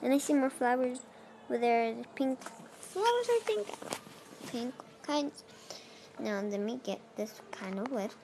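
A young girl's block-building gameplay chat is very animated yet measured in pace, with frequent pauses and rambling self-talk in non-native phrasing. Her woman's voice is a little high and creaky. She's a let's play creator, and there's background noise.

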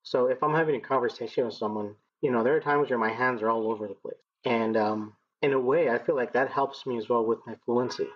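A man in his thirties from Texas, a guest in an interview, speaking in a measured, reflective way with frequent ums. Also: mid-range voice, fairly even intonation, lo-fi sound, a little hiss or hum. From Texas, United States. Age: 30s. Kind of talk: conversational interview.

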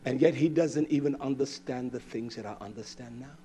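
A man preaching a sermon, reading scripture aloud and scolding his listeners bluntly, swinging from loud outbursts to low mutters. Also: fairly quick, a little hiss or hum.

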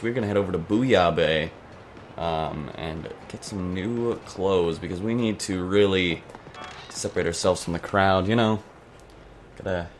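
A man's voice: low-pitched, a little hiss or hum. A young man hosting a gaming channel, giving rambling, self-mocking let's-play commentary.

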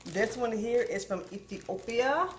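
A woman chatting casually to her viewers while unboxing in her home kitchen, animated and calling them "y'all". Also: a little high, measured pace. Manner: animated, addresses viewers as "y'all", frequent "okay?". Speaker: cooking channel vlogger. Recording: echoey kitchen with clear background noise.

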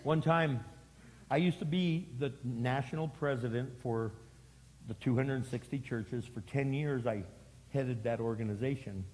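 A man's voice: mid-range voice, unhurried, a little mellow. A middle-aged male pastor preaching a sermon, with dramatic delivery and lots of repetition. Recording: long hall reverb.

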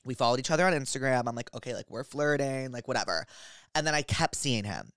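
A man's voice: mid-range voice, fast talker, smooth, no room sound. A young man hosting a podcast, telling a story in rambling casual chat full of "like". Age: young adult. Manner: rambling, animated, heavy use of filler "like". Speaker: podcast host.

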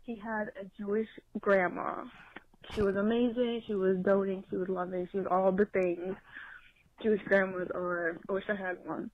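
A young woman calling in to tell a rambling, profane story, excitable and loud. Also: mid-range voice, normal speed. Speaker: caller. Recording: tinny phone line with faint hiss.

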